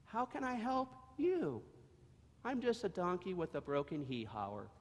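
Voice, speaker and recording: A man's voice: high voice, big pitch swings, measured pace, voice pushed up, full character voice. A man voicing a shy little donkey. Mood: timid. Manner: timid, hesitant, breaks into braying. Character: shy young male donkey with a broken bray. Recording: long echo of a large hall.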